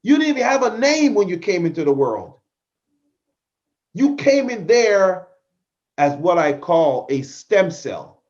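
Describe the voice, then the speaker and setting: A man's voice: high voice, big pitch swings, measured pace, pauses often, a little mellow, highs cut off. A middle-aged man hosting a podcast, giving a fervent motivational talk that repeats phrases for emphasis. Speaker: podcast host, motivational speaker.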